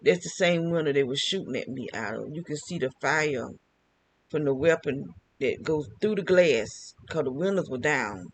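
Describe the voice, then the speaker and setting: A man's voice: fairly high pitch, expressive, normal speed, poor audio. An older man talking alone to camera, rambling and often repeating and restarting his phrases. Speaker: vlogger. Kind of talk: casual monologue.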